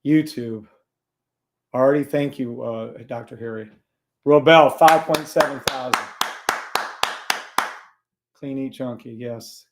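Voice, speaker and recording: A man hosting a live trading stream, gruff and blunt, swearing and scolding his viewers while he calls out trades. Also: mid-range voice, steady tone, slow pace, long pauses.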